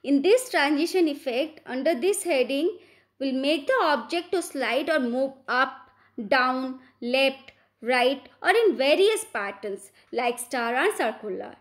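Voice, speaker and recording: A woman's voice: sits high, animated, unhurried. A woman teacher with an Indian English accent, walking students through slides in a patient classroom lesson, repeating points and checking in with "right?".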